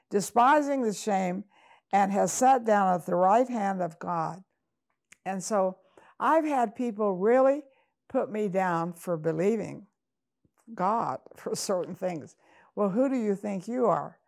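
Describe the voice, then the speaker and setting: Older female TV Bible teacher, gravelly, unhurried, folksy and earnest. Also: mid-range voice. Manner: folksy, earnest, calls listener honey. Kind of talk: sermon-style teaching.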